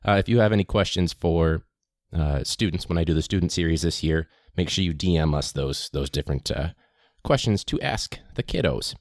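A man's voice: sits low, lively intonation, normal speed, no room sound, studio quality. A man, a teacher, hosting his podcast in a casual, rambling monologue full of fillers. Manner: chatty, rambling, many fillers.

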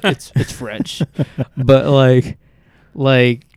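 A man's voice: medium pitch, little pitch movement, very slow, a little mellow, clear, resonant tone, no echo. A young man co-hosting a podcast, talking casually and loosely, swearing often and filling his talk with "like" and "dude". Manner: laid-back, swears a lot, says "like" and "dude" constantly. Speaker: podcast co-host.

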